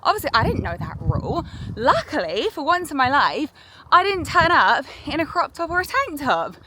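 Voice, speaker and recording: A woman's voice: sits high, big pitch swings, moderate pace, background noise. A woman in her thirties chatting casually in a travel vlog, laughing often while walking a trail outdoors. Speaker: vlogger.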